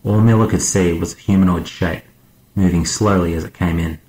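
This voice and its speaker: A man narrating an audiobook as a guest reader, in a measured, steady way. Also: low voice, roomy sound, poor audio.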